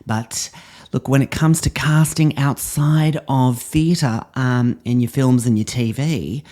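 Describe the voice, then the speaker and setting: A middle-aged Australian man plays a drama teacher in a scripted comedy monologue, hamming it up with a pompous, affected, theatrical delivery. His voice is mid-range and slightly dark, and he speaks slowly.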